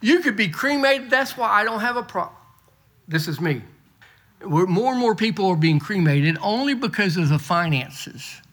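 A man's voice: high-pitched, lively intonation, normal speed, fairly bright tone. A middle-aged man preaching a folksy sermon, often repeating and restarting words. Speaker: pastor. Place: church.

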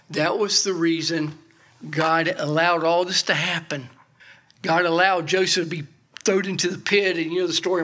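A man's voice: a little high, bright, forceful tone. A man preaching a sermon in a folksy, emphatic way, full of rhetorical questions and asides.

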